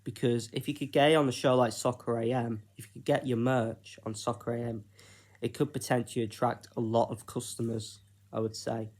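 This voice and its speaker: A man from Britain talking through his own ideas in a casual solo vlog, unhurried and hesitant, with plenty of ums and pauses. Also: mid-range voice, flat delivery, a little mellow. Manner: unhurried, hesitant, with frequent fillers. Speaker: YouTuber.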